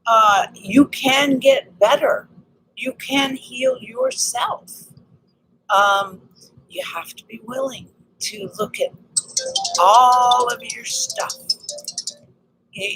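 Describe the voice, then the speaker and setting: A woman with a slightly raspy voice talks excitedly and earnestly in a casual personal vlog about healing. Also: on the high side, slight background noise, low-quality recording. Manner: earnest, excited, spiritual self-help talk. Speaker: vlogger.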